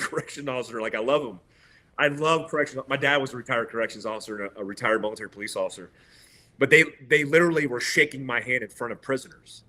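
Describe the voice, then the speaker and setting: Bright-voiced man telling a story. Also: mid-range voice. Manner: retells with quoted dialogue and laughs. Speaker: interview guest. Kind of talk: animated storytelling.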